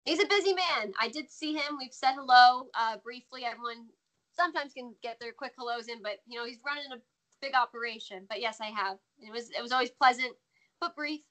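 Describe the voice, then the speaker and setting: An American woman talks as a guest in a relaxed interview. Her voice sits a little high and sounds bright and clear. She is animated and laughs easily. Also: a little fast. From United States. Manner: chatty, laughs often, animated. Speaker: guest, former wrestler. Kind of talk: casual interview chat.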